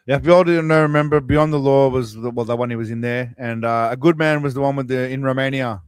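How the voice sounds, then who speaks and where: A man's voice: mid-range voice, fast, few pauses, clean tone, no room sound. Casual male streamer, talks loosely to chat, dry close mic. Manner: rambling, chatty, speaks to viewers. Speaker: streamer host.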